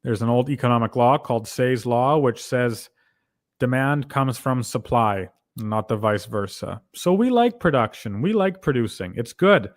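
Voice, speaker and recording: A man's voice: medium pitch, animated, normal speed, no echo, clean studio sound. A Canadian man hosting a conversation, explaining ideas in a lecturing way with examples, often checking in with "right?". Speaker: podcast host. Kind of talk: casual conversational commentary.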